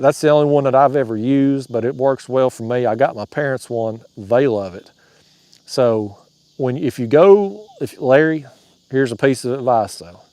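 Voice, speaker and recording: A man's voice: mid-range voice, a little mellow, no echo. A man hosting a fishing livestream from a kayak, chatting through viewer comments in a drawling, joking way and laughing at his own jokes. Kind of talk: casual livestream chat reading comments. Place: outdoors on a kayak on a river at night.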